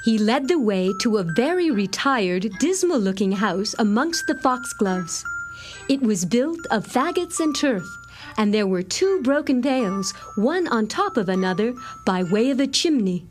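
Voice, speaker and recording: Gentle woman storybook narrator. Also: fairly high pitch, animated, unhurried, faint music behind.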